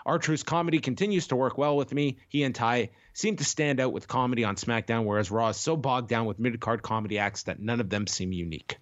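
A man's voice: medium pitch, a little fast, few pauses, dry recording, highs cut off. Sick man co-hosting a podcast. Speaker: podcast co-host. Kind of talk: casual chat.

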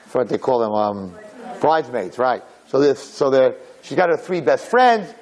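A man telling a religious story in a dramatic, animated way, acting out the characters. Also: mid-range voice, moderate pace. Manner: lively, dramatic, acts out characters.

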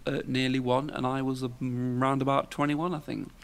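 A man's voice: mid-range voice, little pitch movement, normal speed, creaky, smooth. A man, hosting a podcast in casual, rambling chat full of fillers and tag questions. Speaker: podcast host.

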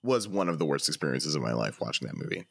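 A man co-hosting a podcast over a video call, animated and often laughing mid-sentence. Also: extremely low pitch, fast talker, gravelly, breathy edge, no echo, clean studio sound. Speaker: podcast co-host. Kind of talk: casual chat.

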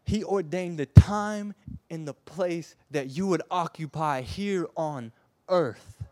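Speaking slowly with a fairly high pitch, this preacher delivers an impassioned sermon in a dry recording. His voice swings from soft tenderness to loud emphasis, and he frequently stammers and repeats himself while pressing his message.

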